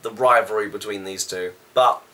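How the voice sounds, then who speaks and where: A man casually reviewing a wrestling show, chatty and loose with sighs and quick asides. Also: fairly low pitch, sharp tone, slight background noise.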